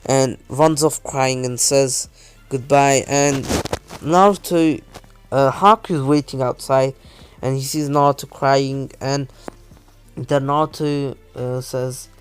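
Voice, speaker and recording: A man's voice: mid-range voice, fairly even intonation, slow pace, smooth, faint music behind. A man improvising a fan fiction story as narrator, rambling with many fillers and restarts. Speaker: channel host, storyteller.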